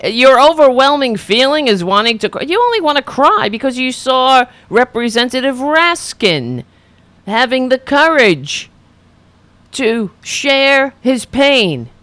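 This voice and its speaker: Sarcastic woman ranting, lively voice. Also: a little high, no room sound. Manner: mocking, scornful, blunt. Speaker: political commentary host. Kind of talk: sarcastic political rant.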